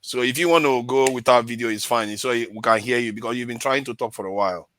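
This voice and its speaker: A man hosting an online talk show, speaking in a relaxed, measured way with small fillers. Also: medium pitch, slight background noise. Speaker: host.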